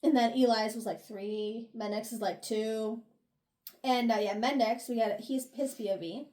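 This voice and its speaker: A woman's voice: fairly high pitch, steady tone, moderate pace, dark tone. A young woman co-hosting a book review podcast, retelling chapters casually and acting out the characters' lines with lots of laughs. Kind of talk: casual book recap chat.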